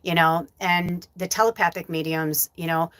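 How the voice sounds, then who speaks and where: A woman with a lowish voice, recorded with no echo, speaks at a moderate pace while hosting a live show as a psychic medium. Telling a personal story, she is candid and animated, swearing plenty in casual livestream talk.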